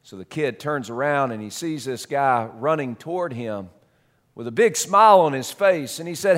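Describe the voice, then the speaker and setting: A man's voice: medium pitch, animated, moderate pace. Dramatic storytelling preacher, a man. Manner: dramatic, shifts loud and soft, repeats words. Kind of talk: storytelling sermon.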